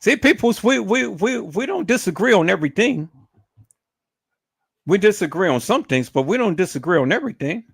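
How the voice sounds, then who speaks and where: A streamer swears through a heated rant, repeating words and restarting as he gets worked up. His high-pitched voice is creaky and husky, with big pitch swings at a moderate pace, in clean studio sound with no echo.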